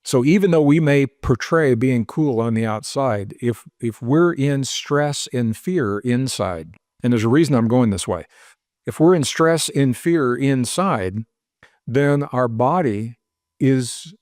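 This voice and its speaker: A man's voice: mid-range voice, lively intonation, slow, a little mellow, dry recording, studio quality. A man who is the guest on a podcast interview, explaining ideas in an earnest, step-by-step way and listing example after example. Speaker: author and researcher guest.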